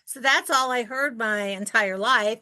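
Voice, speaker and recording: Podcast host, woman in her sixties from Ohio, bright higher voice, animated storyteller. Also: measured pace. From Ohio, United States. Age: 60s. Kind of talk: casual interview chat.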